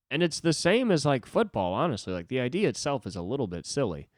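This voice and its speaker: A man's voice: medium pitch, big pitch swings, quick pace, few pauses, no echo, clean studio sound. A young man hosting a solo podcast, rambling casually with lots of swearing and self-deprecating asides.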